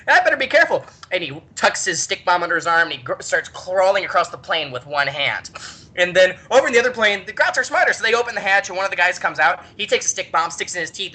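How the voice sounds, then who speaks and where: A young man hosting a podcast, telling a rambling story in an excitable, giggly way. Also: sits high. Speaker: podcast host. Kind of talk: casual storytelling chat.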